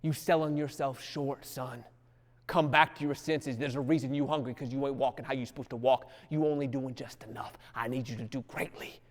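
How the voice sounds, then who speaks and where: A man teaching the Bible in a fervent preaching style, falling to a hush and rising to loud exhortation, with casual dialect phrasing as he acts out quotes. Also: mid-range voice, steady tone, a little fast, long reverb tail.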